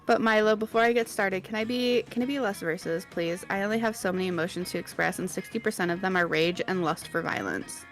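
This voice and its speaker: A woman's voice: medium pitch, brisk, few pauses, faint music behind, close to an everyday voice. Dahlia, a woman doing a gleeful tyrant. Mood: grandiose. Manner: gleefully menacing, grandiose. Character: ruthless bloodthirsty woman conqueror.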